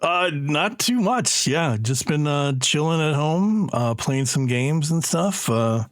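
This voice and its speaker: A laid-back man on a gaming podcast panel answers in a hesitant, filler-heavy way. His voice is slightly high. The sound is dry and close. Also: lively intonation, takes it slowly, no echo. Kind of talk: casual chat.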